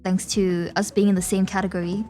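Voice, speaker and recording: A woman's voice: mid-range voice, little pitch movement, brisk, warm tone, soft background music. A young woman VTuber streamer chatting casually with her viewers, giggly and talkative, often laughing between phrases.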